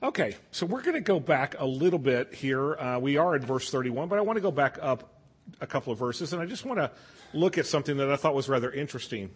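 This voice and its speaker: A man teaching an evening Bible study, talking through scripture in an easygoing, conversational way. His voice has a husky edge. He regularly stops to ask the class what they think. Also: medium pitch, lively intonation, quick pace. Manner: conversational, asks the class questions.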